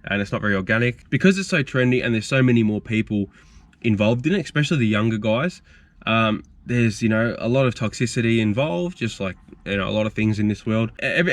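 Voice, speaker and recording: A man's voice: on the low side, dry recording. A young man, hosting a car channel and telling stories in a casual, rambling, frank Q&A vlog. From Australia. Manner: rambling, frank, storytelling with fillers.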